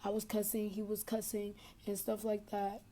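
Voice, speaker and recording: A woman's voice: medium pitch, completely flat delivery, normal speed, mellow. A young adult woman caller telling a long story in casual, rambling talk over a phone connection, filling gaps with "blah, blah".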